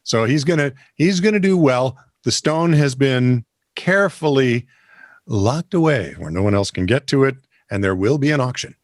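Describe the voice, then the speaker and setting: A man co-hosts a comedy news podcast and reads out odd stories with a wry edge. His pitch moves around a lot as he talks. The mic is close and dry. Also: animated, moderate pace, dry recording. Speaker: podcast co-host. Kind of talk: casual comedic news chat.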